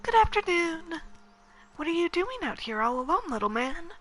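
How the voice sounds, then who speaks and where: A woman's voice: very high-pitched, big pitch swings, moderate pace, slight background noise, voice pushed up. A woman voicing a polite, flustered young foreign woman who stammers while trying to be friendly in a story game. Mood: cheerful. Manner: stammering, eager to please.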